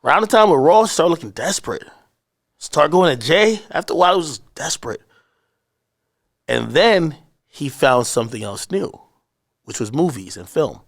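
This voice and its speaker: Animated man telling a story. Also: fairly high pitch, moderate pace, pauses often. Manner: animated storyteller, acts out shouted quotes; profane, slangy. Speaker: interview guest. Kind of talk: casual storytelling interview.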